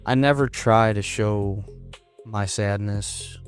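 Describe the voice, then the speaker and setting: A young man from Florida, a comedian guest in a casual interview, talking in a hesitant, halting way with many restarts. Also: on the low side, faint music behind. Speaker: podcast guest, stand-up comedian.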